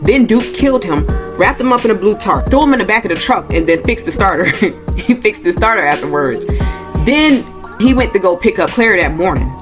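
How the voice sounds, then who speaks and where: A brisk woman with lively intonation reviews a movie informally as music plays in the background. She recaps the plot loosely, says "y'all," and acts out quoted lines with her pitch rising.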